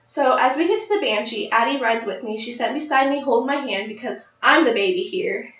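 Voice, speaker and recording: A nineteen-year-old woman telling a personal story in a speech, with lively, excited jumps in her voice. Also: a little high, a little fast. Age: late teens. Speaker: speaker giving a personal speech. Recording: dull, roomy sound from a distant mic.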